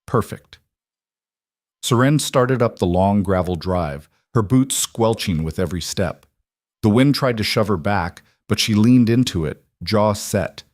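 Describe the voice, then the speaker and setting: A man narrating a story in a measured, scripted audiobook style. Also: fairly low pitch, animated, darkish tone, no echo, studio quality.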